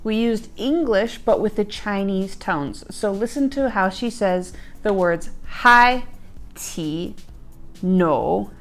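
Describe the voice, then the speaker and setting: A woman's voice: medium pitch, takes it slowly, faint music behind. A woman hosting a language lesson, explaining in a chatty way with fillers and glancing at her notes. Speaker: host and language learner.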